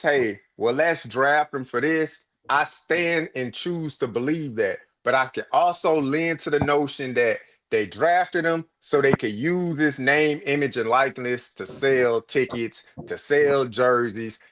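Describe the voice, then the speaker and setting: A man co-hosting a casual sports talk show, giving his views in a deliberate, emphatic way and reading out viewer comments. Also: medium pitch, fairly bright tone.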